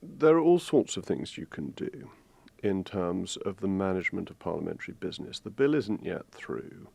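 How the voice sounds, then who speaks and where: A man from England in his fifties, a guest talking politics in a measured way, hesitating with ums. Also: sits low, big pitch swings, gravelly, mellow, slightly rough. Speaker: guest commentator. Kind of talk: political discussion.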